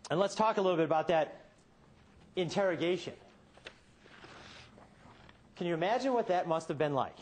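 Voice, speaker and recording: A defense attorney making a closing argument to a jury, pressing rhetorical questions with dramatic pauses and sudden shifts between quiet and emphatic. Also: male voice, high-pitched, lively intonation. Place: courtroom.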